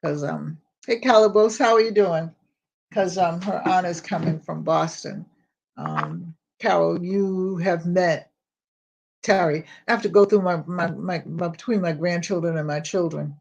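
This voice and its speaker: A woman's voice: on the low side, unhurried, gravelly, a little mellow. An older woman talks casually to her live viewers while she cooks in her home kitchen. She rambles from topic to topic and greets people by name. A faint hiss of noise sits under her voice. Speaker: home vlogger. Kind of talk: casual live-stream chat while cooking.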